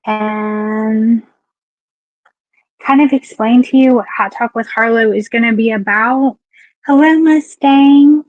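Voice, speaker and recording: A woman's voice: fairly high pitch, steady tone, slow pace, darkish tone, no echo, dull audio. A woman from Southeastern Kentucky with a Southern accent, hosting her own live-stream talk show, chatty and frank as she greets viewers by name. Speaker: livestream talk show host. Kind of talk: casual live-stream chat.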